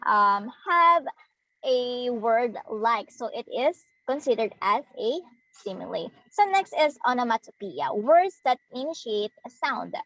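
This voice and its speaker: Young woman, student teacher, slightly high voice, dry close sound. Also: a bit bright, no echo, rough recording. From Philippines. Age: young adult. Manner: explains step by step, acts out sounds. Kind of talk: demo lesson on figures of speech.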